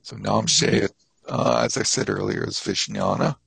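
A man teaching a class on Buddhist texts, explaining terms thoughtfully and haltingly. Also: on the low side, vocal fry, a bit bright, slightly rough, no echo, rough recording.

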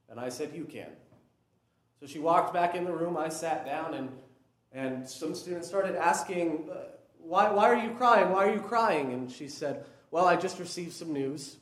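Young pastor with a high voice preaching. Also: male voice, a little slow, reverberant. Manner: conversational preaching, builds to emphatic peaks. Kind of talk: sermon.

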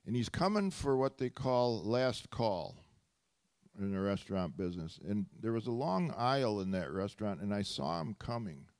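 A man preaching a sermon, telling stories with animated delivery, laughing often and rising to loud exclamations. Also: fairly low pitch. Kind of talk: sermon storytelling.

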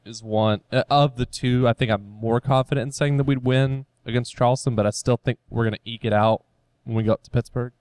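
A man co-hosts a sports podcast, thinking aloud and hesitating as he works through his picks. His voice is smooth and resonant, and the sound is dry and close to the mic. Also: mid-range voice, fairly even intonation, a little fast, darkish tone, no room sound. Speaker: podcast co-host. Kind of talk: casual sports podcast chat.

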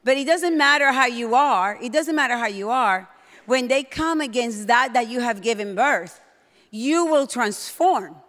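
A middle-aged woman preaching a sermon in a church, bold and emphatic, getting loud when excited. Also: fairly high pitch, a little slow. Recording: long hall reverb.

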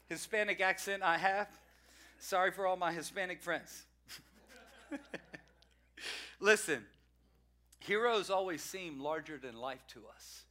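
High, bright-voiced preacher man. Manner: energetic, joking, emphatic repetition. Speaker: pastor. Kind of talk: sermon.

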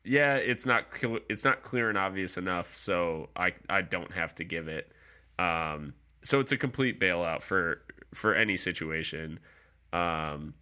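A man co-hosting a casual sports chat, laying out his view in a measured way. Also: low voice, pushed and bright, clear, resonant tone. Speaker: podcast co-host.

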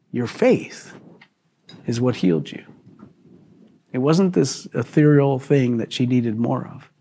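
Slow, husky-voiced man preaching. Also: fairly high pitch, dark tone. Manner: conversational, laughs often, asks the congregation questions. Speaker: pastor. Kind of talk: sermon. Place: church hall.

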